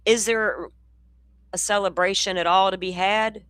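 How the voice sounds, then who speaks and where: A woman's voice: mid-range voice, steady tone, a little slow, fairly bright tone, no echo. A woman host giving blunt, profane, sarcastic commentary on clips.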